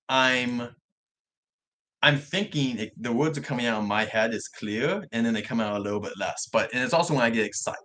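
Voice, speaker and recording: Young man with soft R's chatting. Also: medium pitch. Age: young adult. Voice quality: soft R's that come out like W's. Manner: rambling, self-correcting talk with frequent restarts. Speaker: livestream vlogger. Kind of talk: casual livestream chat.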